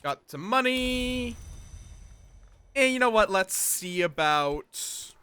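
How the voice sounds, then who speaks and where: A man's voice: high-pitched, lively intonation, slow, pushed and bright, a little hiss or hum. A tired man streaming a game, muttering to himself and thinking aloud as he plays. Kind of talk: casual gameplay commentary.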